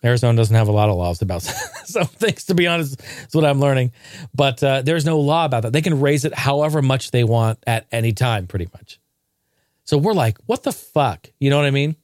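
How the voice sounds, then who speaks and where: A man's voice: medium pitch, brisk, no room sound, clean studio sound. Swearing man telling a story on camera. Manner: animated, profane, jokey, rising to outraged bursts. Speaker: vlogger.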